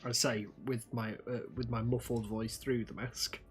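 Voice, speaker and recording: A man plays a tabletop game and chats quickly with his fellow players. His voice sits in a middle pitch, and soft music plays in the background. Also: little pitch movement.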